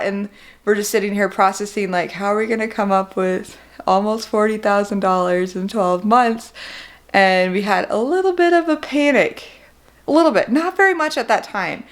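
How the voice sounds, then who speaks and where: A woman's voice: medium pitch, normal speed. A young woman speaks straight to camera in a personal vlog, her voice wavering with emotion. She keeps breaking into nervous little laughs, on the edge of crying, in a mid-range voice. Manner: emotional, near tears, laughing through it. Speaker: vlogger.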